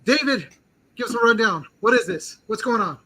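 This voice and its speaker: A man's voice: extremely high pitch, expressive, normal speed, sharp tone, poor audio. A man hosting a casual pop-culture chat show, talking eagerly and rambling with lots of "like" fillers. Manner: eager, rambling, heavy use of "like". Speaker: podcast host.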